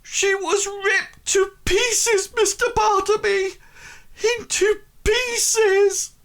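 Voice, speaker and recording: A man doing a grieving slum mother in a tabletop game, her voice pushed up high and shrill. She wails through tears, loud and raw. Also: steady tone, very slow, heavily acted. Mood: anguished. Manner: shrill, wailing. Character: grieving mother from the slums, sobbing.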